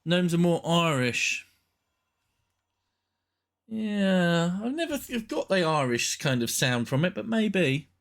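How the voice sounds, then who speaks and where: A man's voice: high voice, big pitch swings, slow, creaky, pauses often. A man streaming a game live, talking in a rambling, self-interrupting casual way. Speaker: gaming streamer.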